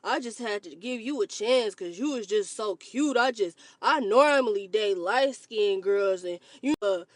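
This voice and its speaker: A woman's voice: medium pitch, unhurried, dry recording, voice pushed down, natural voice. A woman mimicking a smug young man on a date who casually makes colorist remarks.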